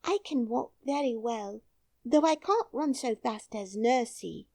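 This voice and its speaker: A small, frightened princess girl, as a woman reads her, pleading softly in a high, trembling voice. She is slow and close, with a dry sound. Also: animated, no room sound. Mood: timid.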